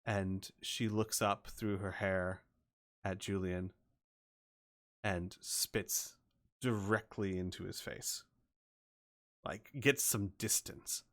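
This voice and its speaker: A man narrating as game master of a tabletop role-playing game, relaxed with filler words. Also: sits low, slow pace, long pauses.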